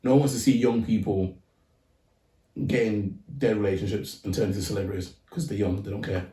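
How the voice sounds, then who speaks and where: A man's voice: on the low side, fairly even intonation, a little fast, mellow, recorded from a distance. A man co-hosting a podcast in casual chat, asking questions and giving his opinions. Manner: reacts and questions, then gives opinions. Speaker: podcast co-host. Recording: roomy echo, a bit off-mic.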